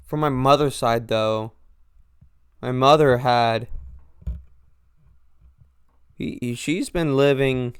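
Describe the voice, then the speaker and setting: A young man with an accent mixing Northern and Southern US speech, hosting a podcast in a halting, rambling monologue full of restarts. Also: mid-range voice, clean tone, no room sound, clean studio sound. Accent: mix of Northern and Southern US. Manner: halting, with frequent restarts and trailing pauses. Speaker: podcast host.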